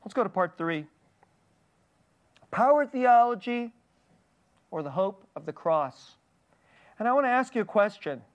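An earnest preacher delivering a sermon to a congregation, reading verses aloud and then unpacking them. The voice sits at a middling pitch and keeps sinking into a soft, hushed tone to stress a point. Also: lively intonation, unhurried, pauses often.

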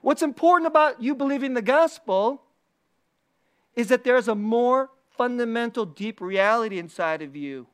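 A preacher with a weekly video channel gives a casual, animated sermon, repeating key phrases and laughing often. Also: mid-range voice, normal speed, clean tone.

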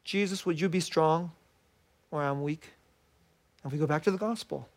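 A middle-aged man preaching a sermon as a pastor, animated and laughing often as he acts out what people say. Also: on the high side, moderate pace. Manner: animated, laughs often, quotes himself in little voices.

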